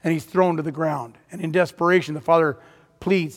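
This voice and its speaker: A man's voice: on the high side, fairly even intonation, brisk. A man preaching a sermon, retelling a story dramatically and rising to emphatic peaks. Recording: long hall reverb.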